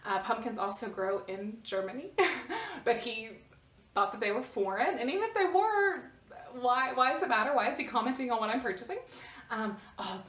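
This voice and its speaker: A woman vlogger telling a personal story in a casual, animated way, often restarting her sentences. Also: on the high side, roomy sound, far from the mic. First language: English. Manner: animated, restarts often, rises when reliving the scene.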